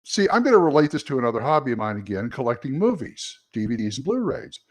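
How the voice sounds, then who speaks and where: A man's voice: mid-range voice, sing-song, fast. A man who is a guest on a podcast, talking in a chatty, anecdotal way and trailing off. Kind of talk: casual podcast chat.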